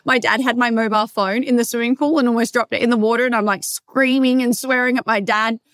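Brief: Australian woman, podcast host, loud and brash, heavy swearing, lively storyteller, close dry sound. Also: a little high, fast, dry recording. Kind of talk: casual solo podcast monologue.

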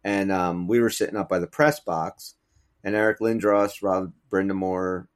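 A man's voice: deep voice, steady tone, normal speed. A middle-aged man co-hosting a podcast in casual chat, rambling through stories, cursing freely and groping for names. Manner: rambling storyteller, profane, gropes for names. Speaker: podcast co-host.

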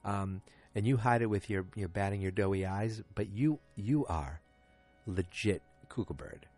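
A man's voice: fairly low pitch, measured pace, soft background music. Chatty man recapping a TV episode. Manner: rambling, animated, chatty asides to viewers. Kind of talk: casual spoken episode recap.

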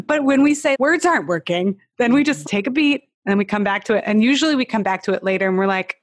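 A woman's voice: fairly high pitch, expressive, a little fast, few pauses, a bit bright, no room sound, clean studio sound. A woman hosting a podcast, chatty and candid, telling personal stories and laughing easily. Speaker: podcast host. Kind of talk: casual podcast chat.

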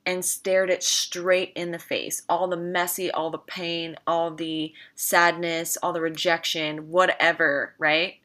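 Earnest woman, bright tense voice. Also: fairly low pitch. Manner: earnest, emphatic, repeats phrases for stress. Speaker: Christian vlogger. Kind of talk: casual faith talk to viewers.

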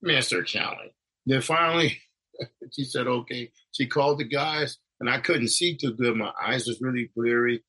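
A man's voice: mid-range voice, moderate pace, sharp tone, breathy edge, poor audio. A man telling a personal story in a rambling, conversational way, acting out the voices of the people in it. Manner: rambling, with restarts and acted-out quotes. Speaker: storyteller recounting near-death experience. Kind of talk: casual spoken testimony.

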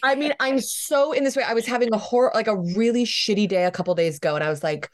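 An American woman comedian in podcast chat, animated and self-mocking, swearing freely. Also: mid-range voice, fast talker, hardly any pauses, no echo. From United States. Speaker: guest comedian.

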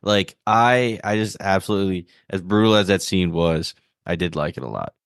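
A man's voice: sits low, normal speed, no room sound, studio quality. A man on a casual podcast discussion, laid-back, acting out lines as he retells scenes.

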